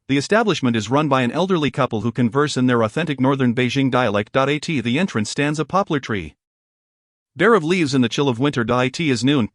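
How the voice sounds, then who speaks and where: A man narrating a romance novel in a steady, even reading voice, voicing all the characters himself. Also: medium pitch, dry recording, clean studio sound. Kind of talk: scripted audiobook narration.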